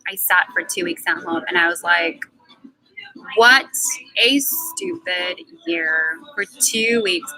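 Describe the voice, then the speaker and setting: A woman's voice: lowish voice, bright, forceful tone, low-quality recording. A woman in her twenties speaking in a candid personal monologue on a live stream, emphatic and blunt, swearing freely and repeating words for stress. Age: 20s.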